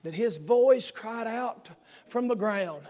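High-voiced man preaching a fervent sermon. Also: animated, slow pace. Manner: impassioned, builds from soft talk to fervent shouting cadence.

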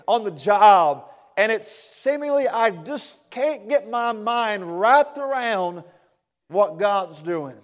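A man preaching an impassioned sermon to a responding congregation, repeating words in rhythmic bursts that build to shouts. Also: sits high. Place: church sanctuary with long reverb. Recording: reverberant church hall.

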